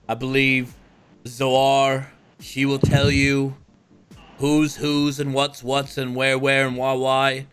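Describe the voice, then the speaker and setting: A pompous vampire prince lords it over his court in a slow, drawn-out delivery, his tone mocking and grand, put on by a man running the game. Faint music plays under the tabletop session. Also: medium pitch, a bit bright. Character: haughty male vampire prince holding court.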